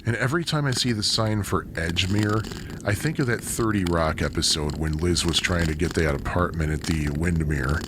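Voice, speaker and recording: A man with a deep, low voice chats as he rides through city streets, drifting into rambling, self-deprecating asides. He is recorded on an action camera out in the open, with loud wind and traffic noise behind him. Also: moderate pace. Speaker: cycling vlogger. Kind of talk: casual narration while riding a bike. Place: outdoors on a city bike trail and streets. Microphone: bike- or body-mounted action camera.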